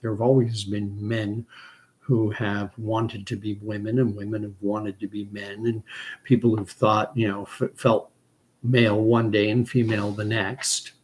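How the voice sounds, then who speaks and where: A man's voice: lowish voice, little pitch movement, measured pace, darkish tone, slight background noise, rough recording. A man from Canada talking through a rambling, unscripted commentary, stopping often for fillers and restarts. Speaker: commentary channel host.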